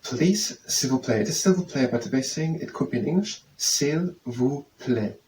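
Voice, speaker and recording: A man works through basic French phrases, sounding each one out slowly and repeating it again and again as he thinks aloud. His voice sits at an ordinary middle pitch. He is picked up by a mic set some way off, with a faint hum of noise behind him. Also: animated, darkish tone, distant mic, low-quality recording. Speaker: language learner teaching himself.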